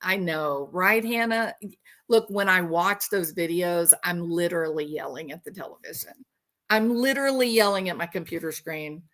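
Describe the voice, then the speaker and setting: A woman's voice: fairly low pitch, moderate pace, a bit bright. A woman hosting a true crime livestream, talking casually and animatedly, laughing and mocking people with impressions.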